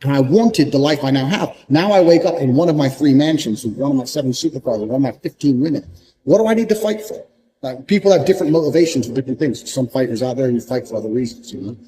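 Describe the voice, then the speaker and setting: A man's voice: mid-range voice, warm tone, poor audio. A man giving a blunt, profane motivational monologue, hammering points home through repetition. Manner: repeats points for emphasis. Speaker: motivational speaker.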